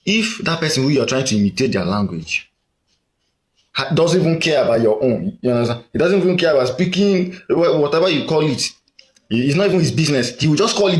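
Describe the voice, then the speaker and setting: A man with a Nigerian accent giving a casual, rambling monologue, full of fillers and questions to the listener. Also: medium pitch. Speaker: commentator.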